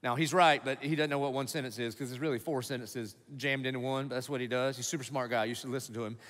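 A man's voice: mid-range voice, steady tone, fast, a bit bright. A male pastor preaching an emphatic sermon, driving his points home with punchy rhetorical questions to the congregation. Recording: long reverb of a large hall.

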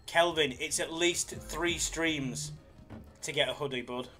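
A young man hosts a casual live stream, chatty and jokey as he reads out viewers' messages. His voice sits a touch high, and faint background music plays behind him. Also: measured pace, sharp tone. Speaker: slots live streamer, host.

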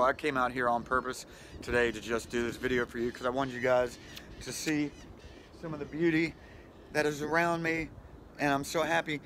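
A man's voice: mid-range voice, fairly bright tone, slight background noise. Chatty man vlogging outdoors by the water. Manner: friendly, rambling, chuckles often. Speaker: vlog host. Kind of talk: casual motivational vlog. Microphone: handheld phone camera.

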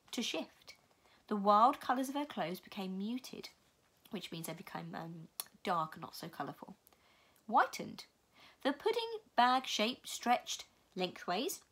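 A woman teacher with a British accent reading a storybook aloud to children, expressive and stopping to explain words. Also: on the high side, slightly rough. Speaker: primary school teacher.

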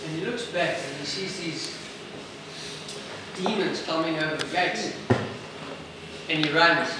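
A man's voice: a little high, measured pace. Chuckling man telling a joke, far and echoey. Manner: lively, chuckling storyteller. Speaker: joke teller. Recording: echoey, noisy, far from mic.

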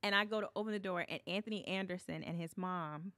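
A woman telling a story in a casual chat, animated, acting out what people said and laughing often. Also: on the low side, fast talker, no room sound, clean studio sound.

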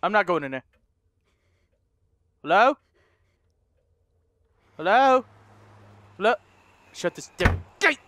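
High-pitched excitable man yelling at a game. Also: slow, long pauses. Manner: excitable, screams and swears at the game; talks to viewers as guys. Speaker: gaming YouTuber. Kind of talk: let's play commentary.

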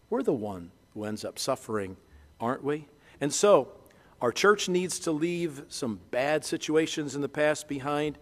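Man preaching in a reverberant church. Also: on the high side. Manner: animated preaching, leads congregation in call-and-response. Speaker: pastor. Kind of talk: sermon. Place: church sanctuary.

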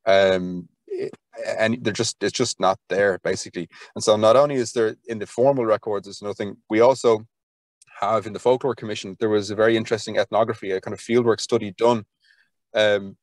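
A man's voice: on the low side, steady tone, fairly quick, no room sound. An Irish man talking as an interview guest, enthusiastic and rambling, with lots of fillers and restarts. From Ireland. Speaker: podcast guest, folklore archivist. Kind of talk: conversational interview.

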